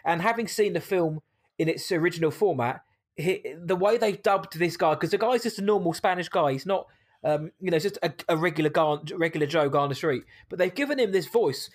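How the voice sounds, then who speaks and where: A man with a fairly high voice talks through a movie in an easygoing podcast chat. He is animated and emphatic, with a quick laugh. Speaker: podcast co-host. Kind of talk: casual movie-review chat.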